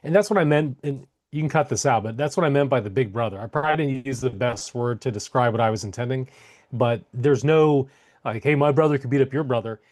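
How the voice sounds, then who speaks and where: A man's voice: mid-range voice, a little fast, darkish tone. Rambling man searching for words. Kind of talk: casual political chat.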